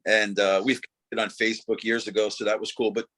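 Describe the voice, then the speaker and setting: A man's voice: lowish voice, little pitch movement, fast, fairly bright tone. A middle-aged man, a former wrestler, talking casually as an interview guest in a laid-back way, saying "dude" and "you know" often.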